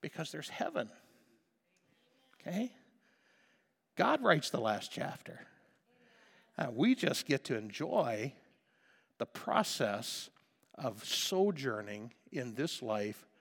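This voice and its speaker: A pastor preaching a passionate sermon, dropping to a hush and then rising to loud emphasis. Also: male voice, medium pitch. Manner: impassioned, swinging between hushed and loud. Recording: reverberant hall.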